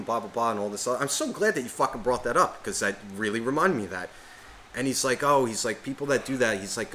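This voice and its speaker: A man's voice: medium pitch, fairly bright tone, slight background noise. Rambling, cursing man ranting on a podcast. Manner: rambling, swears constantly, rants. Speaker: podcast co-host. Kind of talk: casual podcast chat.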